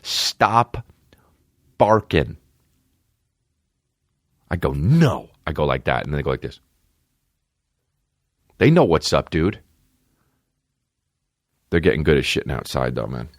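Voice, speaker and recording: A man hosting a podcast in casual chat, rambling and swearing a lot, with big jumps in pitch. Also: very animated, slow pace, pauses often, no room sound, studio quality. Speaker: podcast host. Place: home studio with barking dogs nearby.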